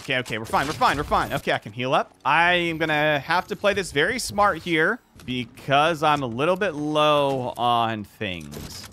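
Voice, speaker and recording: A man giving excitable, reactive live commentary on his own gameplay, swearing freely. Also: a little high, moderate pace, hardly any pauses, a little hiss or hum. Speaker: gaming YouTuber. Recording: game gunfire in the background. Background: video game gunfire and clicks.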